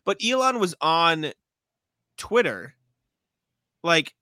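A chatty male podcast co-host with a bright, slightly higher voice, who talks loosely and laughs often. He is recorded close on a dry mic. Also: very animated, slow pace, no room sound. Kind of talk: casual chat.

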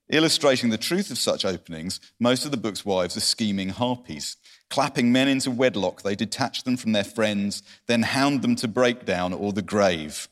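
A man with a fairly low voice speaks in a measured, reflective way during a book discussion. He reads out critical lines and then gives his own view calmly. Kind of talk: reading a review, then casual discussion.

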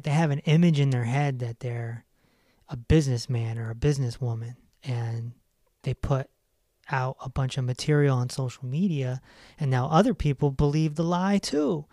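A male podcast host at a middling pitch, talking emphatically and with energy, often laughing at his own stories. The recording is dry, with no room sound. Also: a little mellow, no echo. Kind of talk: casual self-help monologue.

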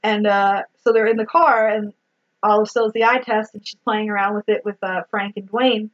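In a steady, mid-range voice at a moderate pace, a woman co-hosting a podcast chats through a movie recap. She swears freely and performs quotes as she retells scenes, all on a dull lo-fi recording.

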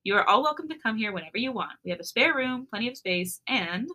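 A woman reading the lines of a heartfelt young man giving a toast, soft and stammering. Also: fairly high pitch, expressive, quick pace. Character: emotional young man, expecting father.

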